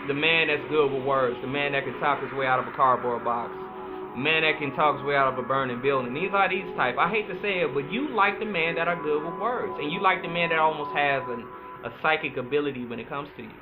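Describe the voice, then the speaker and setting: A man hosting a podcast, giving astrology advice in an animated, preachy way. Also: a little high. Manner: animated, preachy, laughs at his own points. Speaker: podcast host. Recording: phone-like sound with music behind.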